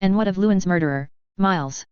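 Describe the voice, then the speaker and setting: A woman voicing an angry, sharp-tongued noblewoman with an icy, cutting manner, in a dull, dry lo-fi recording. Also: mid-range voice, fast talker, smooth, no room sound, close to an everyday voice.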